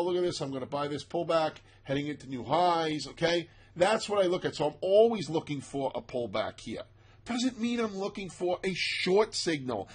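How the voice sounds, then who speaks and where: Husky man, brisk emphatic chart talk, slightly raised pitch. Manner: animated, emphatic, self-mocking asides. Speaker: stock market analyst. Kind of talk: casual market commentary over charts.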